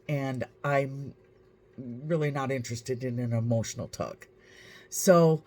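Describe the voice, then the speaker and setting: Slow, dry-humored woman vlogger. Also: sits low, darkish tone. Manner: dry, wry and matter-of-fact. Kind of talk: casual storytelling to camera.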